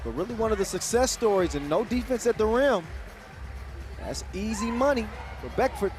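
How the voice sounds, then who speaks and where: A man calling a basketball game live, quick and jokey, with excited bursts on big plays. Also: high voice. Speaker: play-by-play commentator. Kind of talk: live sports commentary. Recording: commentary over loud arena music and crowd.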